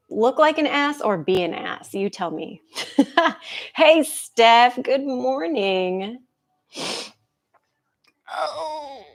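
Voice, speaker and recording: A woman's voice: sits high, lively intonation, very slow, pauses often. A woman instructor chatting casually with viewers before a live movement class, laughing often and greeting people by name. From United States.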